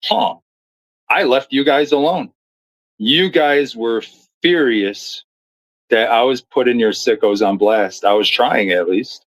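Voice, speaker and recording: A man's voice: medium pitch, takes it slowly, rough recording. A man commentating on clips and reading viewer comments in a blunt, profane, storytelling manner. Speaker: streamer commentator.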